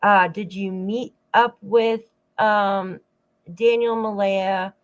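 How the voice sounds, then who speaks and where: A woman's voice: medium pitch, fairly even intonation, takes it slowly, highs cut off. A woman hosting a true-crime channel, giving rambling casual commentary with frequent asides to her viewers. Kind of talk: casual commentary over clips.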